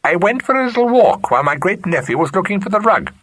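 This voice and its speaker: A man's voice: sits high, very animated, fast, pitched above the performer's own voice, exaggerated voice. A man voicing a cantankerous, very old great-aunt who speaks sharply and scornfully. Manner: sharp, scornful, easily offended.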